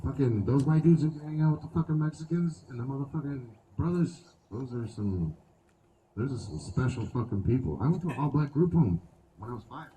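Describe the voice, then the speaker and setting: Heard from a distance in a rough, echoey recording with slight background noise, a medium-pitched man works an outdoor comedy crowd at a fairly quick clip. His stand-up consists of animated, crude stories laced with profanity.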